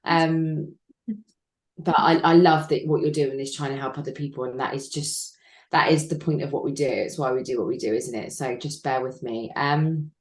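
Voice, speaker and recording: A woman in her thirties, an interview guest telling a personal story candidly, with frequent pauses and fillers. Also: a bass voice, steady tone. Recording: echoey room.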